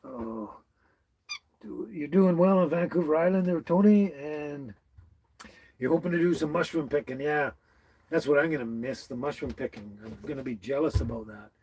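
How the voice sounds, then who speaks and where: A man's voice: a little high, normal speed, darkish tone, slight background noise, low-quality recording. Chatty man greeting live viewers. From British Columbia, Canada. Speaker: livestream host. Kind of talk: casual live-stream chat. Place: tiny house with dogs nearby.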